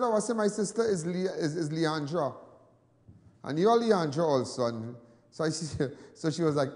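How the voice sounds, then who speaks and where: A Trinidadian man hosting a news show, telling personal stories in casual commentary, animated and then low and soft when sad. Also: moderate pace, big-room sound. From Trinidad and Tobago.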